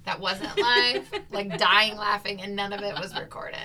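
Bright-voiced teasing woman podcast co-host. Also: mid-range voice, fairly even intonation, a little slow, far from the mic. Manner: teasing, laughing often. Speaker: podcast co-host, school leader. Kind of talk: casual podcast banter.

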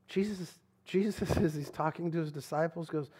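Man preaching in a church, fairly high voice, casual and emphatic, rising loud then dropping quiet. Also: moderate pace, few pauses, slightly rough. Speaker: pastor. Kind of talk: sermon. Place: church sanctuary.

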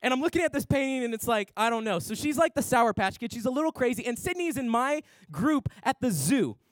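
Animated young pastor, dry sound. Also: male voice, extremely high pitch, fairly quick, no echo. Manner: animated storyteller, acts out voices. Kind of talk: sermon with storytelling. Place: large church worship center.

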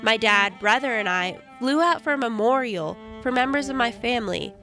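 A young woman from the United States narrating a radio feature report in a calm, measured first-person voice. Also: on the high side, soft background music.

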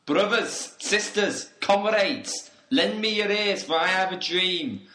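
A man plays a pompous young male revolutionary from England who preaches at everyone. His bright tone rings out in an echoey room. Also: high-pitched, takes it slowly, a little hiss or hum, exaggerated voice. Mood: rousing. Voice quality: pompous, speechifying. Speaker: student activist on a volunteer trip.

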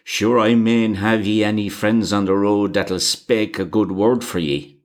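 A man voicing a grim old male Irish car driver who speaks with a thick brogue and warns gravely. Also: lowish voice, slow. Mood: ominous.

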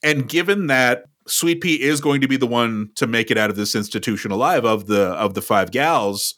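A man's voice: medium pitch, normal speed, a bit bright. A man co-hosting a movie podcast, laying out careful, analytical arguments in casual chat. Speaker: podcast co-host.

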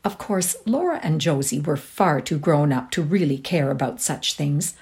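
A Canadian woman gives a dramatic reading of a short story in a fairly low voice. Her pitch rises and falls a great deal as she acts out each character's lines. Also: animated, normal speed, darkish tone. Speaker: reader.

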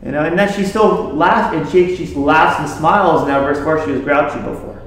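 A man's voice: fairly high pitch, normal speed. A man who treats patients, talking casually to a group and telling stories about his patients. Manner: conversational, tells patient stories. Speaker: health practitioner treating patients. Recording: very echoey room.

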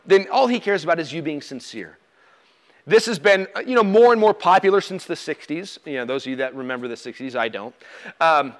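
A pastor with a high voice gives a sermon in a relaxed, plain-spoken manner with touches of humor. He frequently puts direct questions to his listeners.

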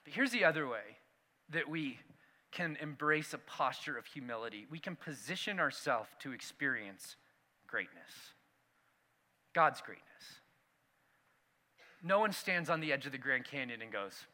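A man preaching a sermon, telling a self-mocking personal story with animated swings between loud and hushed delivery. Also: a little high, normal speed. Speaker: pastor.

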